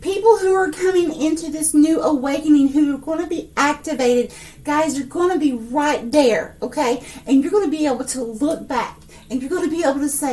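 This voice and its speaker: A woman giving a monthly tarot reading to her viewers, excitable, filling her talk with fillers and pausing to address a spirit. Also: high-pitched, distant mic. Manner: excitable, breathless outbursts, many fillers; speaks to an unseen spirit. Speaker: psychic tarot reader.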